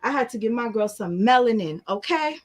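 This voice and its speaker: A woman's voice: fairly high pitch, lively intonation, fairly quick. A young woman, chatting casually and emphatically on a livestream as an artist, with motivational asides.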